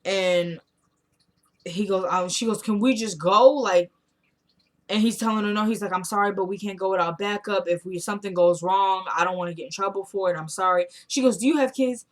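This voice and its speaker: A woman talks through a recap of a TV drama episode in a relaxed, chatty way. She retells the scenes by voicing the characters' lines and breaks in with her own blunt opinions. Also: medium pitch, a little fast. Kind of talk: casual recap chat.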